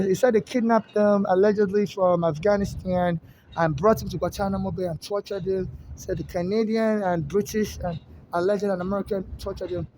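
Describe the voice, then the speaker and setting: A man's voice: high voice, darkish tone, rough recording. A man talking in a casual monologue, rambling with frequent restarts and fillers. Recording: faint background noise.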